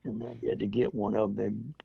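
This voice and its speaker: Recounting his past for an oral history interview, this seventy-something veteran is talkative and laughs a lot while imitating what others said. His fairly low, gravelly, husky voice comes out flat and a little fast, on a dull, lo-fi, dry recording with no echo.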